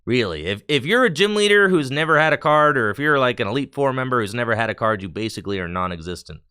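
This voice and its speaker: Bright, crisp-voiced excitable streamer man. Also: medium pitch, quick pace. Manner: chatty and excitable, slangy, with bursts of enthusiasm. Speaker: streamer opening card packs. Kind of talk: casual live-stream chat.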